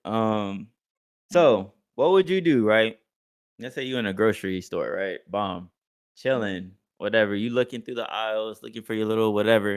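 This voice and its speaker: A man's voice: on the low side, smooth, no echo. Young man cracking up, dry mic. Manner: profane, laughs a lot, jumps into loud acted quotes. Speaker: podcast co-host. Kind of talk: casual chat.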